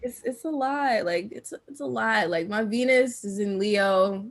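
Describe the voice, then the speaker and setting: Laughing, chatty woman host. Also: medium pitch. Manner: laughs often, drawn-out filler "like". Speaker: podcast host. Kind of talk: casual chat about astrology.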